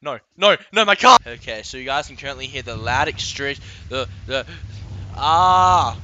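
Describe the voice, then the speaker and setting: A man's voice: mid-range voice, very animated, a little fast, pushed and bright, lo-fi sound, slight background noise. A man ranting comically in a vlog, with exaggerated outbursts and yelps, recorded close and dry. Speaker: vlogger. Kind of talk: comedic rant vlog.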